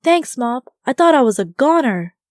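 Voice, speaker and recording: An impulsive young witch barks brisk orders at her broom, as a woman narrator puts her on. The voice is mellow and unforced, close to a plain storytelling voice. The recording is dry and close, as in a storybook audiobook. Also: mid-range voice, no echo, natural voice. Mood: relieved.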